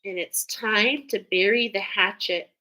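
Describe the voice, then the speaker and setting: A woman's voice: medium pitch, fairly even intonation, unhurried, bright, forceful tone, rough recording. A woman giving an emotional, hesitant channeled spiritual reading, sighing and restarting as she speaks. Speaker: spiritual reader.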